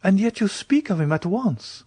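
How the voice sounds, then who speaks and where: A man reading an audiobook voices an emotional young woman in a high, pleading voice. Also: moderate pace, slightly rough, dry recording, exaggerated voice. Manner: excited, pleading.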